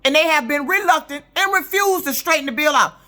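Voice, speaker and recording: A woman's voice: high-pitched, a little fast, pushed and bright. A woman in her fifties, a truck driver, telling a story in an indignant, profane, emphatic rant for her vlog. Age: 50s.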